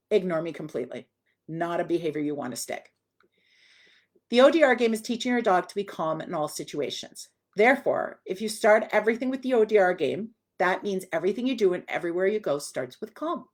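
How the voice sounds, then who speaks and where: A woman dog trainer giving a live online lesson, chatty and direct, now and then putting on a voice for the dog. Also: mid-range voice.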